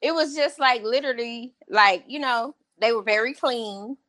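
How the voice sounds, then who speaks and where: A woman in her thirties as an interview guest, telling her story casually in an excitable, animated way and acting out what people said. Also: fairly high pitch, moderate pace, dry recording. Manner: excitable, animated, acts out quotes.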